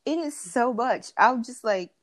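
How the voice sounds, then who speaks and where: A woman's voice: on the high side, measured pace, no echo. A woman in casual chat, reacting with incredulous, emphatic remarks. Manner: expressive, incredulous, swooping emphasis.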